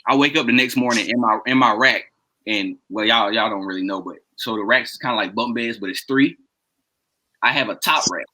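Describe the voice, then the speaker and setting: A podcast co-host with a fairly low voice, speaking a little fast on a rough recording, tells his friends a long story in a casual, animated way. He laughs often and acts out what people said.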